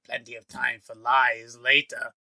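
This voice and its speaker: A man's voice: mid-range voice, flat delivery, measured pace, gravelly, pushed and bright, no echo, exaggerated voice. A man voicing a cold, menacing male villain who speaks through a severed head with a sneering, taunting manner.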